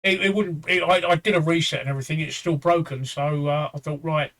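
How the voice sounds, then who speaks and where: A man in his fifties or sixties chats on a livestream in a tired, rambling way. He stops and restarts often and lets the odd swear word slip, and his voice sits a little high for a man. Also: fairly even intonation, brisk, fairly bright tone. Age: 50s-60s. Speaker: livestream co-host. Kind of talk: casual chat.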